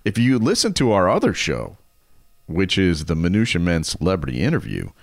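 Male podcast co-host, low and animated, casual joking banter. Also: a little fast, vocal fry, dry recording, studio quality. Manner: joking, laughs easily. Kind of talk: casual chat.

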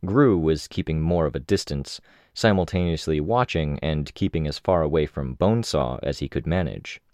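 Low voiced guy reading an audiobook, steady and even, dry close mic. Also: normal speed, no room sound. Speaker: audiobook narrator. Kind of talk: first-person novel narration.

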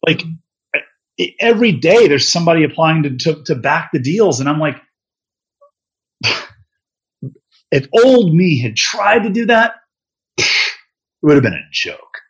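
A man's voice: on the high side, very animated, measured pace, pauses often, husky, lo-fi sound. A middle-aged man, a venture investor, telling his story in a loose, candid interview, sprinkling in "dude" and "man".

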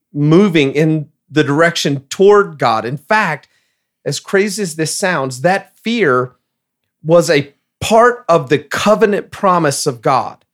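Emphatic pastor, a man with a slightly higher voice. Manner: emphatic, reads scripture passages aloud. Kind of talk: casual podcast discussion.

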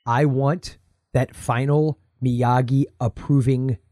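An American man co-hosting a podcast, rambling in casual chat and slipping into quick playful impressions. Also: mid-range voice, fairly even intonation, warm tone, no echo, studio quality. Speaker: podcast co-host.

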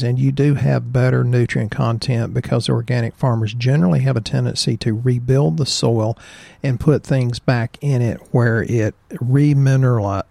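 A man co-hosting a casual health chat, opinionated and animated as he tells stories. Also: medium pitch, gravelly, no room sound. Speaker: podcast co-host, chiropractor.

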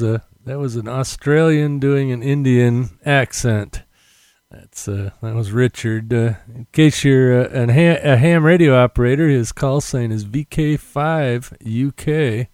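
A man's voice: medium pitch, a little slow, darkish tone, dry recording, studio quality. A man hosting his own podcast, talking casually and meandering with many fillers into a condenser mic. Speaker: podcast host. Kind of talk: casual rambling monologue. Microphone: condenser mic with headphones.

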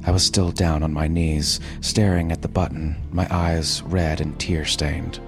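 A man reading a first-person story aloud in a measured, deliberate way. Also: a bass voice, little pitch movement, vocal fry. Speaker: story narrator. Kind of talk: scripted first-person narration. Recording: music behind the voice.

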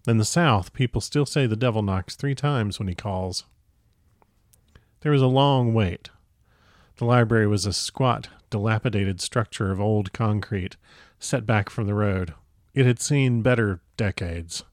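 A man hosting a podcast, reading a story aloud in an even, unhurried way. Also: on the low side, dry recording, clean studio sound. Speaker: podcast host and narrator.

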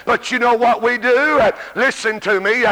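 A man's voice: very high-pitched, steady tone, a little slow, pushed and bright. A man with a Southern American accent preaching an emphatic revival sermon to a church congregation, stammering on restarts and calling out to his listeners. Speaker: evangelist preacher. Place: church sanctuary. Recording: live church recording with long reverb.

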